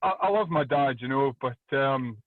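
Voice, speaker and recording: A man's voice: medium pitch, moderate pace, no echo. Brash Scottish man, tinny call audio. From Scotland. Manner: loud, energetic, crude swearing. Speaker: stand-up comedian. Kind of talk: stand-up comedy. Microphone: video call.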